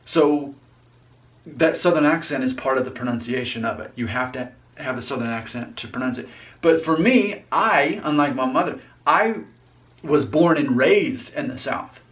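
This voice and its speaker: A man's voice: medium pitch, lively intonation, normal speed, a bit bright. A young man from Alabama chatting casually as a vlog host, explaining things in an easygoing, rambling and teasing way. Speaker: vlogger host. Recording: voice a little off-mic.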